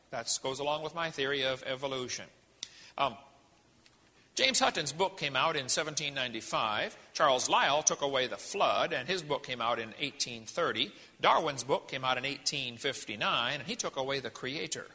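A man's voice: a little high, pushed and bright, husky, long reverb tail. A man giving a folksy, emphatic sermon-style lecture. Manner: folksy, emphatic, jokey preaching. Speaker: creationist speaker.

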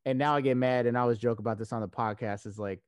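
A man hosting a podcast in a relaxed, chatty way, laughing often as he tells stories. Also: medium pitch, racing, dry recording, studio quality. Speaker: podcast host. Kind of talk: casual chat.

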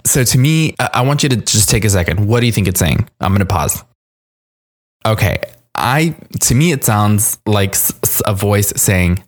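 A man with a deep, low voice hosts a spooky podcast from home. He talks in a loose, rambling and animated way, with restarts and the odd curse word. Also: normal speed. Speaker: podcast host. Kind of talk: casual horror podcast storytelling. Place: alone in his apartment living room.

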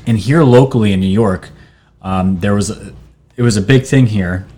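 A man's voice: lowish voice, normal speed, mellow. A man hosting his own video channel, talking casually and rambling while reading posts and articles off his screen, with restarts and fillers. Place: New York.

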